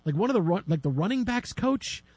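A man's voice: high voice, fairly quick, dry recording. A man hosting sports radio, telling a story with lots of energy and acting out the people in it. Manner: animated storyteller, acts out shouting fans. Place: radio studio. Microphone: studio microphone.

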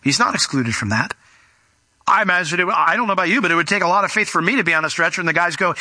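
A man's voice: high-pitched, racing, no echo. A man preaching a conversational sermon, acting out scenes as he retells stories. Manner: conversational, animated, acts out scenes. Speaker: pastor. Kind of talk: sermon with storytelling.

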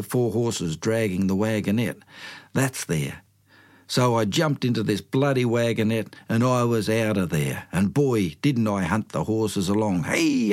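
A man's voice: lowish voice, darkish tone. An older man with an Australian accent telling a folksy bush yarn, with slang and dramatic asides. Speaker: storyteller.

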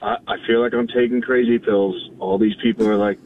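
A hoarse man calling in to a sports radio show, ranting loudly and trash-talking. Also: mid-range voice, very animated, normal speed, hardly any pauses, slight background noise. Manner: rowdy, ranting trash talk. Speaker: caller. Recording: tinny phone line, distant.

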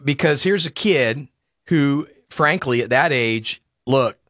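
A man's voice: mid-range voice, animated, slow, a bit bright, dry recording, clean studio sound. A man hosting a casual sports talk show, emphatic and opinionated. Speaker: radio sports talk host.

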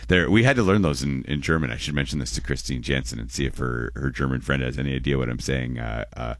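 A man's voice: very deep voice, quick pace, dry recording, studio quality. A man in his forties, hosting a radio show in casual, rambling chat and often correcting himself.

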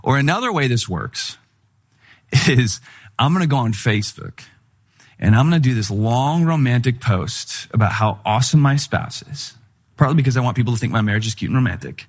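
A middle-aged man preaching a sermon in a conversational, humorous style, telling animated stories. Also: medium pitch, a little fast, breathy edge. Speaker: pastor.

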